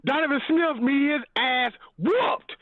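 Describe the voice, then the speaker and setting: Brief: high-voiced man, lively and swearing, calling in over a dull, dry phone line. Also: a little slow, dry recording. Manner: loud, profane and fired up, shouting at times. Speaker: regular podcast member calling in. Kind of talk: angry fan rant. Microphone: phone call-in. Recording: muffled call-in line.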